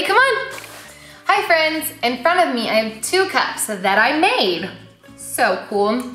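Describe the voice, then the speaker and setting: A young woman leading a preschool church Bible lesson, sing-song and animated, asking the kids questions. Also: on the high side. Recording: roomy echo with faint music.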